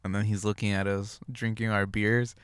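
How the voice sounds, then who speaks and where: A man's voice: fairly low pitch, flat delivery, normal speed, clear, resonant tone, dry recording, clean studio sound. A young man co-hosting a casual podcast, telling a story in a rambling way full of fillers. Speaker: podcast co-host. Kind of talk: casual chat.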